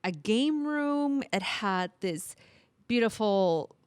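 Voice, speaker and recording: This thirtysomething podcast co-host talks slowly in a medium-pitched, clean voice without any echo. Her storytelling is casual and lively, punctuated by frequent laughs and dramatized quotes.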